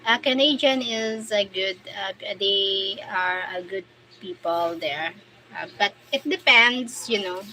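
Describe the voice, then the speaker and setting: A Filipino woman hosting a casual livestream, reading viewer comments aloud and answering in halting English mixed with Tagalog. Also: mid-range voice, background noise. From Philippines. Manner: switches between English and Tagalog, halting English with restarts. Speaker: livestream host.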